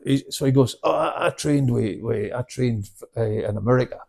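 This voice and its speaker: An older man tells stories from his years as a karate instructor in a relaxed podcast chat. His voice is gravelly, dark and slightly husky. He slips into the other people's voices as he quotes them, jumping to loud bursts. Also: mid-range voice, normal speed. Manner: anecdotal, acts out both sides of dialogue with sudden loud bursts. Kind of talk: casual storytelling chat.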